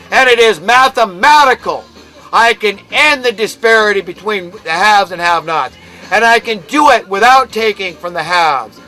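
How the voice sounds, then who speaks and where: An American man with a high, bright voice delivers an impassioned monologue. He talks in an emphatic, preachy way and rants, while faint music plays underneath. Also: lively intonation, moderate pace, poor audio. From United States. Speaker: commentator.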